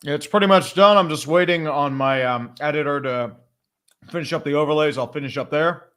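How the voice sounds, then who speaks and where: A man's voice: on the high side, brisk, fairly bright tone. A man co-hosting a casual podcast, rambling and hedging, with plenty of swearing. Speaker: podcast co-host. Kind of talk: casual chat.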